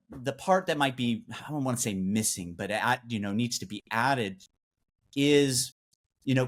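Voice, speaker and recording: A man co-hosting a talk show, thoughtfully recounting stories from guests in a conversational way. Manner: thoughtful, recounts guest stories, pitch jumps when animated. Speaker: podcast co-host. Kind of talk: conversational discussion.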